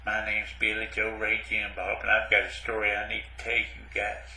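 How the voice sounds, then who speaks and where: A man's voice: on the low side, monotone, normal speed, bright, forceful tone, reverberant, poor audio. A man playing a rambling, self-pitying ex-Navy man who stammers and keeps saying "man" in a comic monologue. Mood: mournful. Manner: rambling, repeats "man" and "but anyway", stammers.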